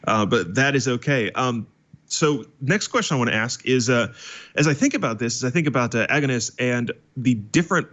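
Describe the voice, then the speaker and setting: A man's voice: mid-range voice, lively intonation, brisk, a bit bright, lo-fi sound. A man hosting a tech podcast, asking careful questions with some hesitation. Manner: thoughtful, hesitant questions with fillers. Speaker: podcast host. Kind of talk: interview questions.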